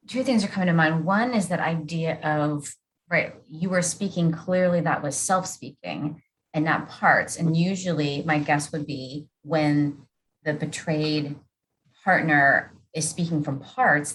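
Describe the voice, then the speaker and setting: A woman's voice: low-pitched, normal speed, fairly bright tone, slight background noise, rough recording. A woman hosting a podcast, thinking aloud and checking her understanding with her guest. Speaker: podcast host. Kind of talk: podcast conversation.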